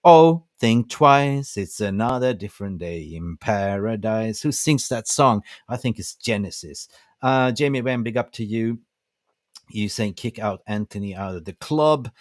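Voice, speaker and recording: An older man with a lowish voice hosts his own fan livestream, ranting with fired-up conviction and rallying his viewers like family. The sound is dry and close, with no room around it. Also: normal speed, no room sound. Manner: impassioned, preachy, rallying. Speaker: fan channel host. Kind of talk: passionate livestream rant.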